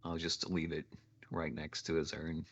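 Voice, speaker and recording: Very deep, gravelly male player. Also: flat delivery. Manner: soft, halting, with ums. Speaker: tabletop game player. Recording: muffled lo-fi audio.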